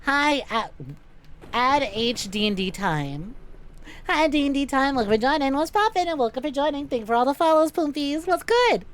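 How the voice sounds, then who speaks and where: A woman's voice: high voice, animated, moderate pace. A woman streaming a game, greeting her chat by name, swearing freely and laughing often. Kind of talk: casual livestream chat while gaming.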